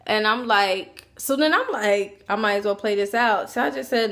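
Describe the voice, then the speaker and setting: A woman telling a personal story to her camera in a casual, animated way, acting out what people said. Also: mid-range voice, moderate pace, hardly any pauses. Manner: animated, acts out quoted voices, chatty asides. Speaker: vlogger.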